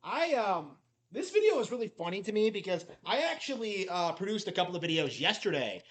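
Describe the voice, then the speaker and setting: A man with a notably high voice rambles through mocking reaction commentary. He leans on "like" constantly and sounds scornful toward his subject. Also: very animated, a little fast. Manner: mocking, heavy use of "like" fillers. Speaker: commentary YouTuber.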